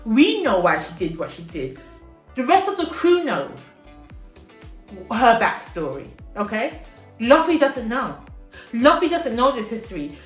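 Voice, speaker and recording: A woman casually recapping an anime arc for her vlog, animated and emotional, often checking in with "okay?". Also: high voice. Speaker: anime vlogger. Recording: echoey room with faint music.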